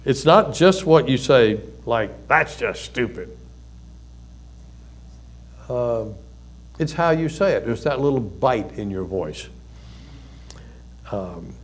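An older man, a pastor and counselor, giving a conversational sermon with folksy stories and soft chuckles. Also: lowish voice, slight background noise.

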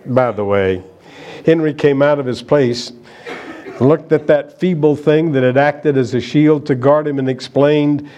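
A man's voice: on the high side, measured pace, dark tone, lo-fi sound. A man preaching a sermon, emphatic and asking the congregation rhetorical questions.

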